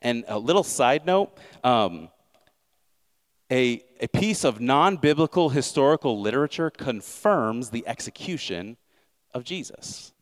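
A man's voice: mid-range voice, lively intonation, measured pace. A male pastor preaching a sermon in a conversational way, with sarcastic asides and frequent self-corrections.

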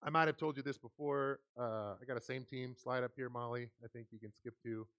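A man in his thirties preaching a sermon in a church, animated and laughing often as he acts out quoted lines. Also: mid-range voice, a little fast, muffled recording. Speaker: pastor. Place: church hall.

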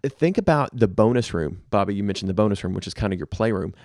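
A man's voice: lowish voice, animated, fast talker, a little mellow, dry recording, studio quality. A middle-aged man co-hosting a casual podcast chat, talking straight to listeners with practical home advice. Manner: conversational, advice-giving, addresses listeners directly. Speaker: podcast co-host.

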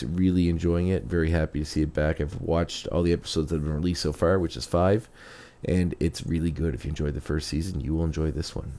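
A man hosting a comics podcast, chatting casually with frequent fillers and reading narration. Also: low voice. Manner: relaxed, conversational, with frequent fillers. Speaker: podcast host. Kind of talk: casual chat and read narration of comic history.

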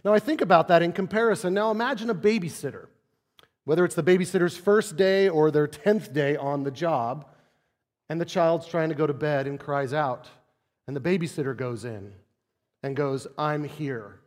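A man, a pastor, preaching a sermon in a conversational way, dropping to soft low tones to stress a point. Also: normal speed, big-room sound.

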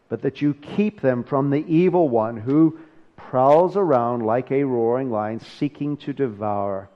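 A male pastor delivers a sermon in a relaxed, conversational way, with dry asides between the scripture readings. His voice sits at an ordinary middle pitch. The recording is dull and somewhat lo-fi. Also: measured pace.

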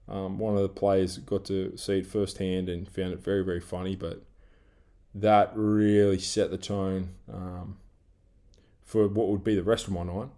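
A man with an Australian accent rants through a solo podcast segment. His voice sits low and dark, and he swears freely as he rambles through his grievances. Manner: angry, heavy swearing, rambling rant; self-described big guy who coaches team training. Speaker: podcast host. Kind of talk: solo ranting monologue.

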